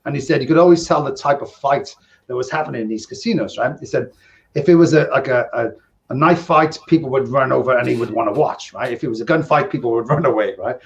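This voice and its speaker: A man's voice: medium pitch, creaky. A man co-hosting a podcast, telling rambling casino anecdotes in casual chat, often checking in with "right?". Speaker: podcast co-host, former casino dealer.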